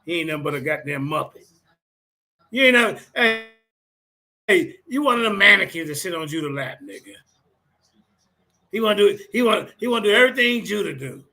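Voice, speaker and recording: A man hosting a livestream, talking in a loud, profane, mocking way and repeating himself. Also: sits high, lively intonation, fairly quick, gravelly, pauses often. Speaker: livestream host. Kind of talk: mocking casual commentary.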